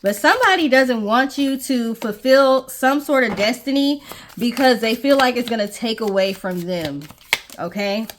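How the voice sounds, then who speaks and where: A woman's voice: on the high side, normal speed, slight background noise. A woman giving a casual tarot reading to viewers, reassuring and checking in with "okay?" often. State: briefly out of breath. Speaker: tarot reader.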